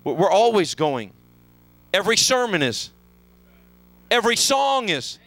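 A high, bright male voice preaching a sermon in a church. He moves from soft, murmured passages to sudden shouted climaxes, and his pitch roams all over. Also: sing-song, measured pace, dry recording, low-quality recording. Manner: fervent preaching, sweeping from hushed lows to shouted highs. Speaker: pastor. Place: church sanctuary.

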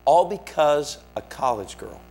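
A man's voice: fairly high pitch, animated, a little slow, vocal fry, a little mellow. Man, pastor, sermon storytelling, acts out quotes, faint hum.

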